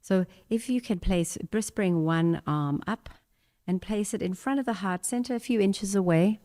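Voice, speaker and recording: A woman leading a guided meditation and breathwork in a church service, speaking gentle instructions and repeating affirmations. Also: medium pitch. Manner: slow, gentle spoken guidance with repeated affirmations.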